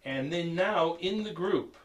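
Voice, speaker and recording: A man telling a story to a group in a halting, conversational way, full of fillers, acting out the quoted lines. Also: a little high, low-quality recording. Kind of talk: casual spoken storytelling.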